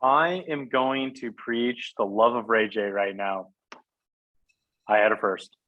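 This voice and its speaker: A man's voice: lowish voice, fairly even intonation, slow pace, phone-quality sound. A man hosting a podcast, bantering casually and teasing his guests. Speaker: podcast host.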